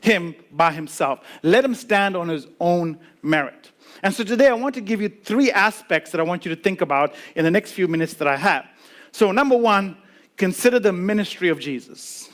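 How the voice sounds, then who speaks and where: A man with a fairly high voice preaches to his congregation as lead pastor. He drives his points home by repeating words and pausing for weight. Now and then he slips into quick imitations of skeptics before returning to his steady sermon. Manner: emphatic, repeats key words with dramatic pauses; acts out quoted voices of doubters.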